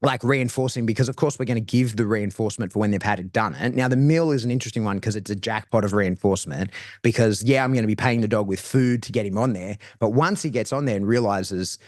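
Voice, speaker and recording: Speaking as a podcast guest, this dog trainer explains things in a relaxed, slangy chat, frequently starting his phrases over. He talks fast in a lowish voice, and the studio sound is clean with no echo.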